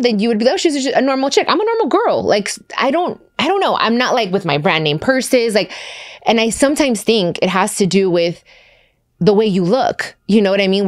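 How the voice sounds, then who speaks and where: A woman in her thirties hosting a podcast, telling stories in casual chat with lively quoted asides. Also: medium pitch, dry recording, clean studio sound. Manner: chatty storytelling with animated quoted asides. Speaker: podcast host.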